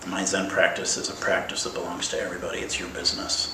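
A man giving an animated, playful dharma talk as a Zen teacher, laughing often. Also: low-pitched, quick pace, background noise. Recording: echoey room, mic at a distance.

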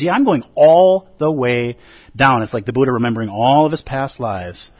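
A man teaching at a Zen center, giving an emphatic, animated dharma talk and acting out the inner voices of his listeners. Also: mid-range voice, husky, no echo, lo-fi sound. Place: Zen center meditation hall.

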